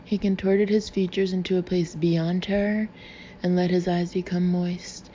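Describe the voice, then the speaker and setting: A woman narrating an audiobook in an even, measured reading. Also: lowish voice. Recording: slightly dull recording with faint hiss.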